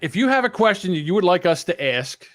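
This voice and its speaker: A man's voice: high voice, sing-song, quick pace, a bit bright. A man hosting a podcast, giving blunt, rambling commentary in casual chat. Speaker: podcast host.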